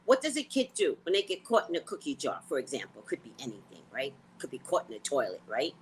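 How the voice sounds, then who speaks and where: A woman hosting a casual livestream, talking to her viewers in a blunt, profane, animated way. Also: fairly low pitch, a little fast, breathy edge, low-quality recording. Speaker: psychic reader and livestream host.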